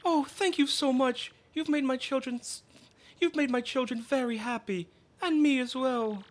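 A woman voicing a gentle mother of hungry kids as she reads game dialogue aloud, polite and pleading. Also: high-pitched, moderate pace, pitched above the performer's own voice. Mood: grateful.

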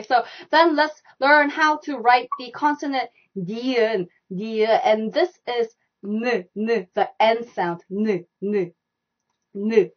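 A woman with a Korean accent teaching a live online language class, repeating steps slowly and laughing often. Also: fairly high pitch, muffled recording. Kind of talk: live-streamed language lesson.

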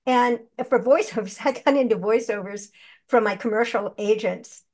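Older lady actress chatting away, kinda high voice, acts stuff out. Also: normal speed. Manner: animated, chatty storyteller who acts out quotes. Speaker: guest, actress and voice actor. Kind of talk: conversational interview.

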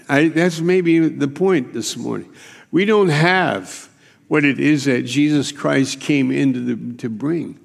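Slow, gravelly male preacher. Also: mid-range voice, long reverb tail. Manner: emphatic, repetitive preaching. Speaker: pastor. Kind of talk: sermon.

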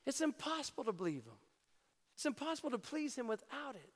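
A man preaching a sermon as pastor in a large church, energetic and jokey, building to shouts. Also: very high voice, a little fast. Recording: reverberant church hall.

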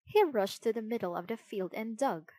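A woman narrating a children's storybook in an expressive, unhurried way. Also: fairly high pitch, no room sound.

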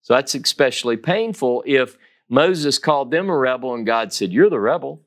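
Guy teaching bible stuff, really animated, repeats words for emphasis, middle pitch. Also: normal speed. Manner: dramatic reading of scripture quotes. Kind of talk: Torah teaching.

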